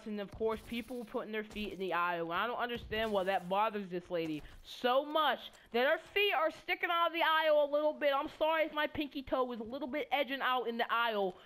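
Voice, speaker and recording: A teenage student vlogger with a fairly high, slightly bright voice plays a game while casually telling a story. Her telling rambles and stammers and is full of profanity.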